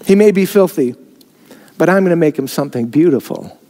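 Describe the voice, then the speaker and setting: A man's voice: fairly high pitch, expressive, fairly quick, dark tone, natural voice. A man preaching, voicing God defending someone against an accuser. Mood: protective. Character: God, defiant and protective. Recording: long hall reverb.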